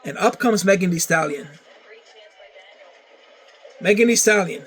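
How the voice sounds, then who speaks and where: A man's voice: high voice, lively intonation, a little slow, a bit bright, rough recording. A man ranting casually to camera, often stammering and repeating words, with plenty of swearing. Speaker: vlogger.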